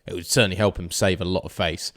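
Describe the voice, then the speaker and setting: A man's voice: low-pitched, fairly even intonation, fast talker, a bit bright. A man co-hosting a casual sports podcast, arguing his points heatedly. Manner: heated, argumentative. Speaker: podcast co-host.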